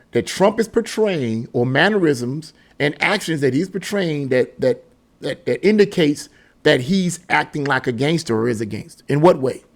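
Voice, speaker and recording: A man with a slightly higher voice and a gravelly fry talks through his casual video commentary. He rambles in a loose, chatty way and keeps breaking into chuckles. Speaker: political commentary vlogger.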